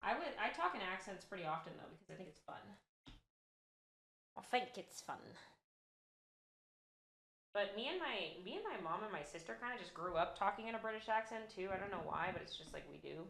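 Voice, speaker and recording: A woman's voice: mid-range voice, fast, creaky, hardly any pauses. Chatty young woman streamer, roomy echo. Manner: chatty, rambling, easily excited. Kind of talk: casual live-stream chat while crafting.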